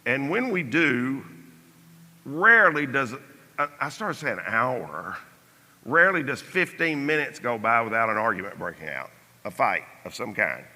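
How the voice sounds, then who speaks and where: An older man teaches a Sunday Bible class, slow and measured, and his voice drops soft on the key phrases. His tone is bright and sharp-edged and sits a little high for a man. The sound carries a long church-hall reverb. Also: very animated.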